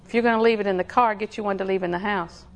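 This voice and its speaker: A woman's voice: medium pitch, fairly even intonation, racing. A middle-aged woman, preaching a sermon in a folksy, storytelling way with lots of repetition.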